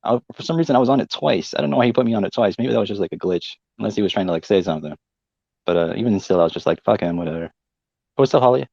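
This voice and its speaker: A fast-talking man with a gravelly, low voice, rambling casually and filling his speech with fillers. His voice comes through a dull, lo-fi mic. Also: animated, a little mellow, no echo. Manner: rambling and loose, full of fillers. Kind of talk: casual live group chat.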